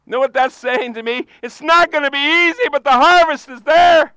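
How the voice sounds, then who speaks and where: A man preaching a sermon with passion, using repeated phrases and sudden shouted bursts. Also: very high-pitched, moderate pace, no echo, low-quality recording. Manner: impassioned preaching, repetitive cadences, bursts of shouting. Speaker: pastor.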